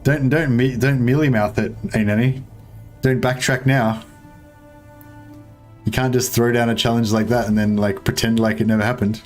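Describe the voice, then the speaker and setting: A man's voice: medium pitch, fairly even intonation, normal speed, faint music behind. A young man casually commentating a strategy game as he plays, rambling, joking with his viewers and swearing now and then. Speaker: gaming streamer. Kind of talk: casual let's-play commentary.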